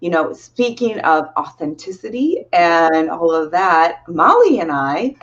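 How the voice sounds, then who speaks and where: A woman's voice: lowish voice, big pitch swings, unhurried, a bit bright, highs cut off. A woman co-hosting a casual live show, chatty and bubbly, laughing often. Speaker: co-host.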